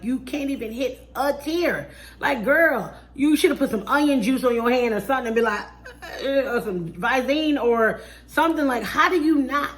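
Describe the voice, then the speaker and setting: A woman reviewing a reality TV show in a casual chat. She is blunt and sassy, with animated outbursts and mocking impressions of the people she discusses. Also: on the high side. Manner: mimics people in mocking voices.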